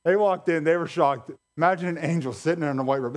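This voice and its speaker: Pastor guy preaching, kinda high voice, super animated, repeats stuff for emphasis. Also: quick pace. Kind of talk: sermon.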